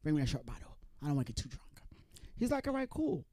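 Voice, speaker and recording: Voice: mid-range voice, very animated, quick pace, dark tone, no room sound. Open mic comic with a New York accent, chatty, slips into character voices, dry close-miked sound. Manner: chatty, acts out other people's voices. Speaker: stand-up comedian. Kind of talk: stand-up set at an open mic. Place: comedy club stage.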